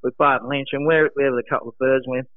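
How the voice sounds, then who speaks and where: A man, a former pro surfer, telling animated anecdotes in casual chat, acting out voices and laughing often. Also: medium pitch, fast, dry recording. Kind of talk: casual storytelling. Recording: dry, phone-like narrow sound.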